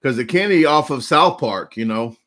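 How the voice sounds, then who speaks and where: A man's voice: medium pitch, animated, moderate pace, fairly bright tone. A man in his forties with a Southern US accent, hosting a casual live chat and telling rambling, jokey stories. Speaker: livestream host.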